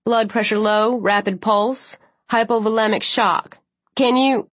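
Woman voicing a brisk young paramedic. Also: fairly high pitch, fairly even intonation, a bit bright, no room sound. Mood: urgent, clinical. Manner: clipped, urgent questions.

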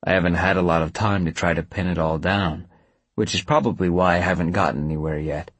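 A man voicing a kind young man who talks plainly and gently, a little awkward. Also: low voice, fairly even intonation, brisk, dry recording. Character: steady, kind young man talking to a ghost.

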